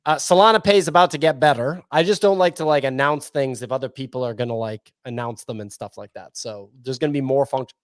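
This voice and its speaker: A man's voice: medium pitch, quick pace, few pauses, no room sound. A man co-hosting a casual podcast, talking in a loose, joking way while plugging merch. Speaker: podcast co-host.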